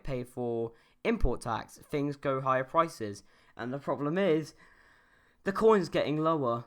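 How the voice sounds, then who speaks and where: A man's voice: medium pitch, a bit bright. A young man from the UK giving a casual opinion rant as a YouTuber, rambling and swearing, with lots of fillers and restarts. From United Kingdom.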